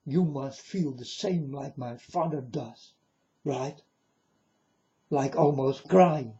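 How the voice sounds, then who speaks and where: A man giving an earnest, halting religious monologue to camera in non-native phrasing. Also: medium pitch, muffled recording, crowd noise. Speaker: religious video maker.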